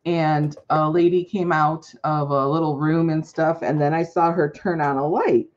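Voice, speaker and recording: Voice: medium pitch, normal speed. A guest speaking casually and chattily on a live stream, agreeing often and telling everyday stories. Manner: chatty, relaxed, with frequent fillers and agreement. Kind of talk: casual chat. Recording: dull lo-fi call audio with faint noise.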